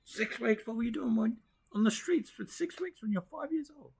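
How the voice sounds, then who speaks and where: A man co-hosting, telling jokes slowly and deadpan and firing skeptical questions in casual banter. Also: very high voice, creaky, husky.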